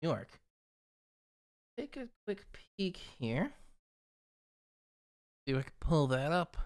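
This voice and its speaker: A man's voice: on the high side, big pitch swings, slow. A man hosting a casual weather livestream, chatting with viewers and reading snowfall forecasts aloud off his screen.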